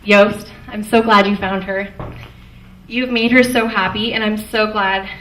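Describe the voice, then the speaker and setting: Recorded from a distance in an echoey wedding reception hall with faint noise, a young Canadian woman gives a fond, light maid-of-honor toast, chuckling between lines. Her voice is medium-pitched and fairly bright, with fairly even intonation and a measured pace.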